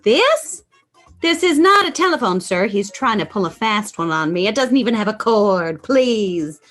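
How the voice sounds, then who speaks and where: A woman's voice: mid-range voice, very animated, measured pace, fairly bright tone, soft background music. A woman playing a giddy, scatterbrained 1950s sitcom housewife, gushing and flustered in a comic bit. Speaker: comic performer at a fundraiser.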